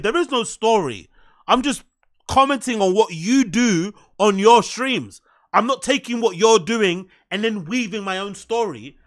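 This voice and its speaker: A commentary streamer with a London accent delivers blunt, sarcastic reaction commentary. His voice is high-pitched with a fairly bright tone.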